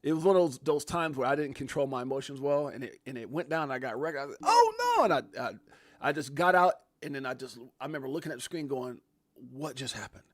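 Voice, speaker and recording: A man hosting a casual crypto livestream, animated, reacting with loud exclamations and laughter. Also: medium pitch, quick pace, no echo.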